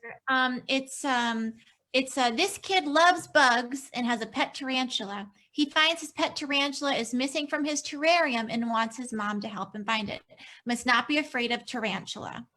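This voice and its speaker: A woman's voice: high voice, moderate pace, pushed and bright. A woman in an improv comedy scene, chiming in briefly and agreeably over a video call.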